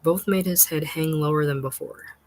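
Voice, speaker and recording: Measured, expressive short-story narrator. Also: medium pitch, dry recording, rough recording. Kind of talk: literary short-story reading.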